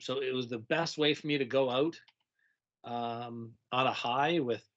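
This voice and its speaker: A middle-aged man recalls his teaching years in a loose, animated way, jumping into playful kids' voices and laughing along the way. His voice sits at an ordinary pitch. The recording is a little dull and muffled. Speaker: retired teacher, guest. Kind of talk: casual storytelling conversation.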